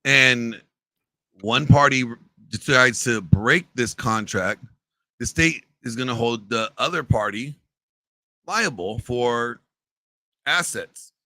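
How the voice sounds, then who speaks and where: A man's voice: medium pitch, lively intonation, slow pace, pauses often, sharp tone, no echo. A man hosting a live online panel, arguing his point insistently and often repeating himself. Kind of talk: heated debate.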